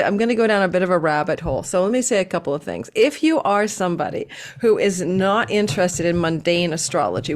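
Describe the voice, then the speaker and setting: A woman hosting her own astrology channel, talking straight to viewers in a lively way, running through lists and leaning hard on key words. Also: lowish voice. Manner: enthusiastic, tumbling lists with sudden stresses. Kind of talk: casual monologue to viewers.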